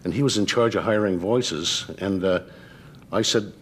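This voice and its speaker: Older man with a low, easy voice. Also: moderate pace, breathy edge. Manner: relaxed anecdotal storytelling with many fillers. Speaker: guest voice actor. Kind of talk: talk show interview.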